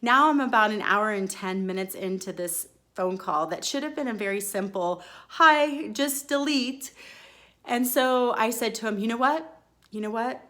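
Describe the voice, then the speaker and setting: A woman hosting a podcast, telling a story in a chatty, expressive way and acting out her own quoted lines. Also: medium pitch, moderate pace. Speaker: podcast host. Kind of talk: casual storytelling monologue.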